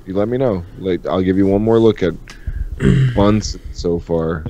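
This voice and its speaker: A man's voice: low voice, unhurried, warm tone, highs cut off, slight background noise. A man co-hosting a casual livestream podcast, joking and swearing as he ribs his co-hosts. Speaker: podcast co-host.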